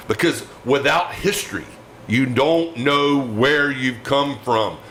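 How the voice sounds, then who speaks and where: A man's voice: mid-range voice, slow, fairly bright tone, slight background noise, rough recording. A man co-hosting a political talk show, delivering angry, emphatic rants.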